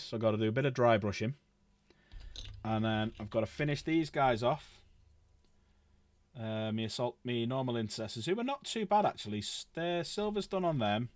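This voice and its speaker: A middle-aged man rambling casually while he paints models on a livestream, swearing freely. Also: mid-range voice.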